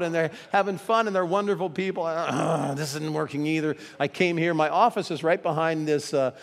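A male pastor preaching a sermon, shifting from hushed, slow passages to loud, animated storytelling and acted-out quotes. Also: fairly high pitch, long reverb tail. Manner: dramatic swings from hushed to loud, acts out quotes.

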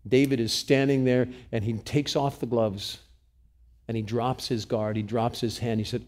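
Mellow-voiced male preacher. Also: medium pitch, little pitch movement, moderate pace. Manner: shifts from loud scripture reading to quiet, intimate asides. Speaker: pastor. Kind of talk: sermon.

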